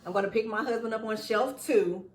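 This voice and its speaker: Animated woman host, echoey room. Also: fairly high pitch, fairly quick, a little hiss or hum. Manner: animated, laughing, acts out quotes. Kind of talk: casual chat. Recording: echoey room, far from mic.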